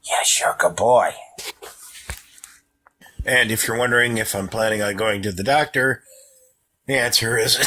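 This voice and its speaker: A sick, out-of-breath man hosting a casual solo podcast from home, wheezing and pausing every few sentences to catch his breath. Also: mid-range voice, pushed and bright. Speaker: podcast host. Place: at home with a cat on him.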